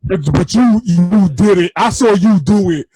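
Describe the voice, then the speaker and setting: Animated profane storyteller, New man. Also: sits high, unhurried, breathy edge. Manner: animated, profane, laughing, acting out quotes. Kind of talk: casual storytelling.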